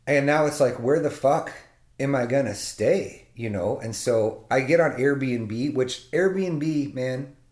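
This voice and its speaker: A man's voice: mid-range voice, takes it slowly, a little mellow. A man telling a personal story in a casual, comedic way, swearing freely and laughing between lines. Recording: roomy echo.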